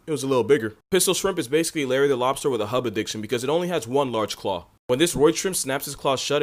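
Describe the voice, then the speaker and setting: Fast-talking man hyping a video. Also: medium pitch. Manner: hyped, punchy, slang-heavy delivery. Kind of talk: scripted comedic narration.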